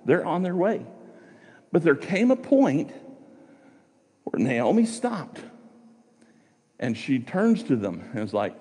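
Pastor preaching in a reverberant hall. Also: male voice, a little high, big pitch swings, slow, long pauses, mellow, slightly rough. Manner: conversational, asks the audience questions. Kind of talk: sermon.

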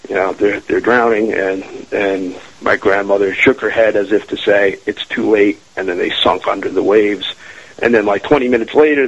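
A husky man with a lowish voice tells a family story as a radio guest, wandering through his tale with restarts and fillers. His voice sounds a little rough, and the delivery stays plain and conversational. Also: rough recording. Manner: rambling, with many restarts and fillers. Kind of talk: telling a family ghost story in a radio interview.

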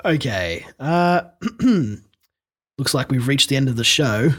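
A man's voice: medium pitch, lively intonation, takes it slowly. A man hosting a comedy podcast, bantering dryly with a mock announcer tone. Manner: dry, ironic, mock announcer tone. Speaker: podcast host.

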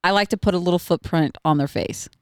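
A woman co-hosting a podcast chats casually about her kids, rambling and laughing often. Her voice is on the low side and smooth, she talks at a quick pace, and the recording is dry with clean studio sound.

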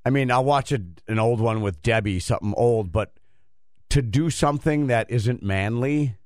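A middle-aged man hosting a radio show, rambling and halting as he tells a story in casual banter. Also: medium pitch, darkish tone, no echo, studio quality. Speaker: radio host.

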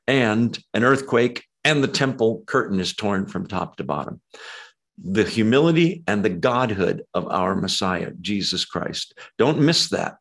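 Guy preaching, swings up loud then drops quiet, chatty asides to the crowd. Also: lowish voice. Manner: animated, emphatic, conversational preaching with asides. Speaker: pastor. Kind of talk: sermon.

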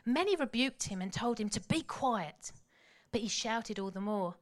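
A woman preaching a sermon, telling the story dramatically and swinging from hushed tones to loud calls. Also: on the high side, lively intonation, moderate pace, few pauses.

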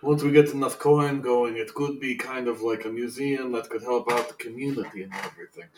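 A man voicing an older male ex-criminal who keeps a tavern and lost his legs, rambling and chuckling with hesitant pauses. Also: medium pitch, background noise, close to an everyday voice. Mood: folksy.

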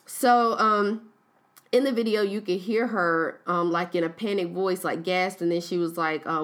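A woman's voice: lowish voice, unhurried. Young woman, podcast co-host, chatty storyteller who acts out quotes. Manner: animated storytelling, retells quotes, laughs at her own stumbles. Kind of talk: casual chat.

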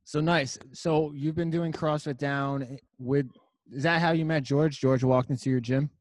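A man hosting a casual podcast, laid-back and quick to laugh along with his guest. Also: fairly high pitch, steady tone, no echo. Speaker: podcast host.

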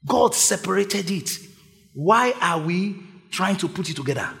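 A male pastor delivering a sermon, calling out to the congregation and urging them to shout back. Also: sits high, lively intonation, measured pace, vocal fry. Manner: call-and-response preaching, urging the congregation to shout. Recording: long hall reverb.

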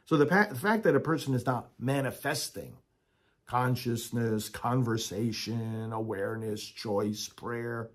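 A man's voice: mid-range voice, husky. A man preaching a sermon with earnest emphasis, then leading prayers aloud as a priest.

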